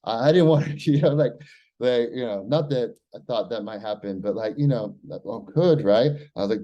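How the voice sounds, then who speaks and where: A man's voice: medium pitch, moderate pace, mellow, lo-fi sound. An American man talking in a loose, rambling monologue, swearing freely and filling with "like" and "right?". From United States. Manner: loose and profane, heavy use of "like" and "right?". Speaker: vlogger keeping a spoken personal log.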